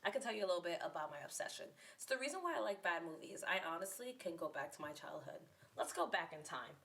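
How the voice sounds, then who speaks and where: A woman's voice: on the low side, sing-song, fast, fairly bright tone. A young woman from New York City hosting a podcast in a chatty, rambling, playful monologue. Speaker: podcast host.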